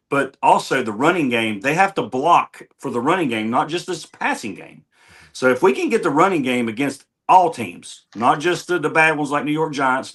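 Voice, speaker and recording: A man with a middle-pitched voice talks through his view of the team on a sports show. He sounds earnest and conversational, like a committed fan speaking plainly. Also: a bit bright. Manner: earnest, conversational, fan's viewpoint. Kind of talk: sports talk opinion.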